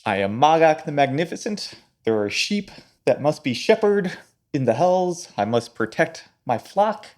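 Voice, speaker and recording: A man voicing a grandiose, pompous priest who makes loud, self-important proclamations. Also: fairly high pitch, very animated, measured pace.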